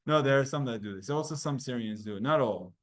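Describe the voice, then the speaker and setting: A man teaching a Talmud class to students, animated and explaining with spoken demonstrations of sounds. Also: medium pitch, quick pace. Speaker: Torah teacher.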